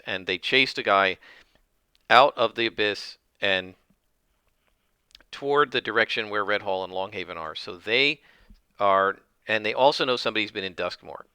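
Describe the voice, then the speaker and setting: Solo game narrator, man, very bright and crisp voice, dry close mic, thinks aloud. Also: fairly low pitch, dry recording. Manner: thinks aloud, with many fillers.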